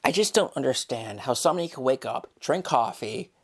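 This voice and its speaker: A woman's voice: a bass voice, expressive, fairly quick, husky. A young woman vlogger talking straight to camera, rambling and swearing in an exasperated rant. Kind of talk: casual opinion rant.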